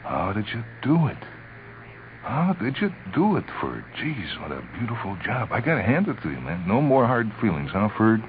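A man voicing a brash, excitable male bike shop partner who blusters loudly, on a tinny old radio recording. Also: fairly low pitch, moderate pace, slight background noise, voice pushed up. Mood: amazed. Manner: loud, eager, blustering.

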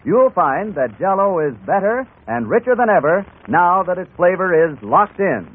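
Brief: male ad announcer, eager and persuasive, lively voice, thin old radio sound. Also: normal speed. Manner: enthusiastic, persuasive pitchman. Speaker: commercial announcer. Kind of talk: scripted radio advertisement. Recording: tinny old radio broadcast.

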